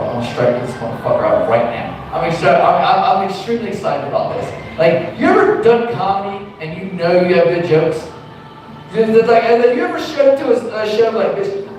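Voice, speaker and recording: A man's voice: high-pitched, darkish tone. A young man from Virginia Beach telling a profane, rambling stand-up story at an open mic, often breaking off and restarting. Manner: profane, rambling, self-interrupting. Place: comedy club stage. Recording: very echoey room, mic far off, faint noise.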